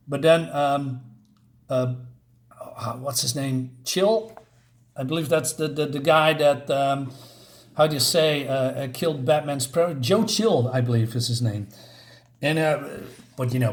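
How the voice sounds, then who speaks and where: A man casually reviewing a comic book, rambling and hesitant, often searching for words. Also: mid-range voice. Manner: rambling, hesitant, many fillers. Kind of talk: casual comic review, reading panels aloud.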